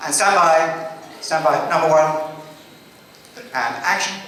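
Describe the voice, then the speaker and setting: A man's voice: a little high, takes it slowly. A man, a guest actor on a convention stage, chatting with the audience in a theatrical, teasing manner. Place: large convention hall stage. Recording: echoey hall from far off, noisy.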